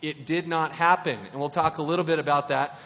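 A man's voice: a little high, steady tone, a little fast, fairly bright tone. A man giving a casual sermon, playful and conversational, with many restarts. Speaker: preacher. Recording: dull, lo-fi sound in a reverberant hall.

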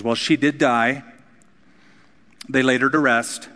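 Male pastor, mid-pitched, earnest sermon delivery with casual asides, long hall reverb. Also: moderate pace, long pauses, bright, forceful tone. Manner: earnest preaching, shifting between casual asides and emphatic peaks.

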